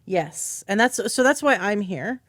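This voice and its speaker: A woman hosts a podcast as a health coach, chatting enthusiastically in a casual interview style and acting out quoted speech. Her voice is medium-pitched and fairly bright, with lively intonation and a measured pace. The recording is dry and studio-clean.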